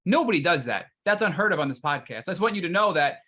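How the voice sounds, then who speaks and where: Bright, emphatic male podcast host. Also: high voice, lively intonation, quick pace, slightly rough. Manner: emphatic, sums up the guest's story and voices quoted lines. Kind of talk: interview questions.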